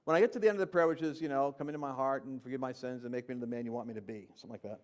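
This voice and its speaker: A man telling his conversion story in a conversational, animated way, jumping from loud emphatic bursts to quiet low asides. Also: rapid-fire. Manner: conversational with fillers and slang. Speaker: Christian speaker. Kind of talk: personal testimony storytelling.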